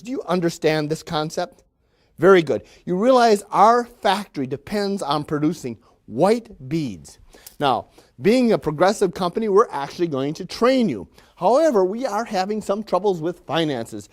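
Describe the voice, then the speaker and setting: A man plays a self-important factory manager in a classroom role-play. The voice sits high and bright, and it is loud and sugary with condescension. He praises and scolds his workers in the same patronizing tone. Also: natural voice. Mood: patronizing cheer. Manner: falsely cheerful, condescending and scolding.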